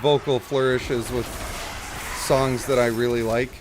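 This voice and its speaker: A man of middle pitch talks through his game stream with loose, wry, self-mocking chatter. He reads chat and riffs as he plays. A faint hiss of noise sits underneath. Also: fairly even intonation, measured pace. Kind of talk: casual stream commentary.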